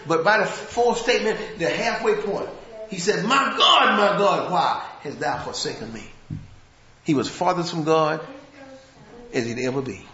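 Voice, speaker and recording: Male preacher, folksy sermon, hushed lows and shouted peaks, echoey church room, dull lo-fi audio.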